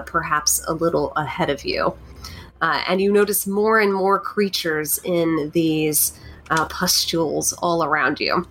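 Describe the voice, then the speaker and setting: Slow, hesitant woman running a tabletop game. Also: on the low side, a bit bright. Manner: hesitant, many fillers. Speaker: game master.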